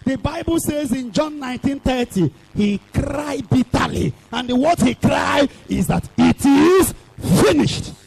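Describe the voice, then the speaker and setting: A Nigerian man preaching a fiery revival sermon, shouting and chanting lines for the crowd to repeat. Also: very high-pitched, measured pace, gravelly, few pauses, faint music behind, rough recording. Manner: shouting, sing-song call-and-response preaching. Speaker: evangelist preacher.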